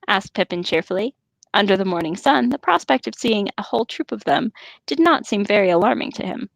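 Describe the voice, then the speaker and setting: Creaky-voiced woman reading aloud. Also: medium pitch, expressive, a little fast, dry recording. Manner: reads dialogue in put-on hobbit voices, chatty asides. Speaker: podcast reader.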